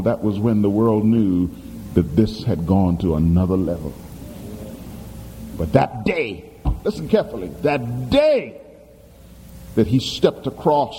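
A man with a medium-pitched, warm voice preaches a sermon in a church sanctuary, telling stories emphatically and dramatically and tossing questions to the congregation. A long hall reverb surrounds him, along with faint ambience and slight background noise.

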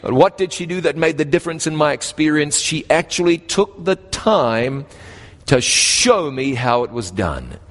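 A man from New Zealand with a New Zealand accent, preaching a storytelling sermon with animated swings in pitch and slow, emphatic phrases. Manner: animated, rises and drops sharply in pitch, slows for emphasis. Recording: long hall reverb.

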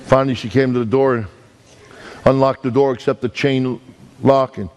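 A male evangelist preaching a storytelling sermon, animated and joking with the congregation, acting out sounds and voices. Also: mid-range voice, normal speed.

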